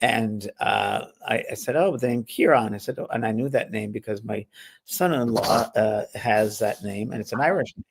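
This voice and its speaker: On a spiritual talk show, a medium hosts a casual chat in a brisk, expressive mid-range voice that is creaky with a breathy edge. He rambles slightly, often starts sentences over, and laughs as he talks.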